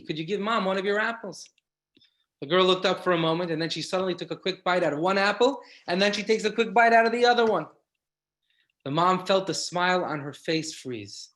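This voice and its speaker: A rabbi with a fairly high voice delivers an inspirational lecture to his audience. He speaks reflectively and repeats his central lines for emphasis. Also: fairly bright tone.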